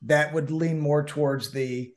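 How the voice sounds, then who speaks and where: A man with a New Jersey accent, co-hosting a casual podcast chat in an animated, chatty way with frequent restarts. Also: fairly high pitch, unhurried, faint music behind. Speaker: co-host.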